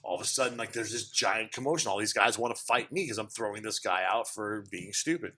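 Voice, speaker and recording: A man's voice: on the low side, fairly quick. A man guest telling wild tour stories in a casual interview, swearing freely and acting out what people said. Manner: animated, swears freely, acts out quotes. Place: indoor studio loft.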